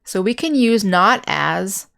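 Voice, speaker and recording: A woman English teacher giving a grammar lesson, explaining patiently step by step and slowing down to repeat example words. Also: medium pitch, expressive, vocal fry, fairly bright tone.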